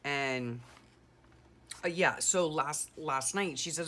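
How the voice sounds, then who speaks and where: A woman's voice: sits low, takes it slowly, fairly bright tone, slight background noise. A middle-aged woman chatting casually and rambling through a story, full of "you know" and "like", as a journaling vlogger.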